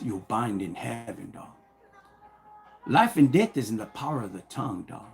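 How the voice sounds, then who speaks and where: A middle-aged man telling a personal story casually on a live stream, animated and slang-heavy, acting out what people said. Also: medium pitch, gravelly.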